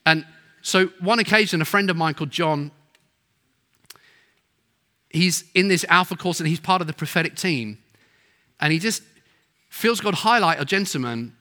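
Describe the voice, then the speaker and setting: A man's voice: a little high, animated, moderate pace, pauses often, bright, forceful tone. A middle-aged man preaching a sermon, telling stories and acting out the people in them. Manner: storytelling, acts out quoted voices.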